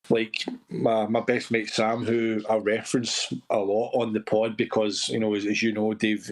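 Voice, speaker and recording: A Scottish man, a podcast guest, chatting on a live call and reminiscing in long flowing runs. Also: fairly low pitch. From Scotland. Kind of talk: casual chat on a live voice call.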